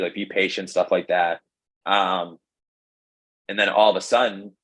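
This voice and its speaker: A young man, a pro baseball pitcher, telling his story in a casual interview, rambling with lots of fillers and quoted dialogue. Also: a bit bright, rough recording. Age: young adult.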